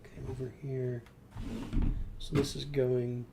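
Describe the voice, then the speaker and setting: A middle-aged man chats casually on a live stream at an unhurried, rambling pace, sometimes talking about himself in the third person. Soft clicks and a faint hiss sit behind his voice. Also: medium pitch, flat delivery. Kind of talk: casual live-stream chat while building.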